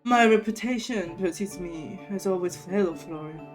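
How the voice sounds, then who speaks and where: A woman's voice: lowish voice, normal speed, faint music behind, lightly acted. A woman voicing a haughty, sarcastic male talking book in a game, with a pompous, sardonic delivery.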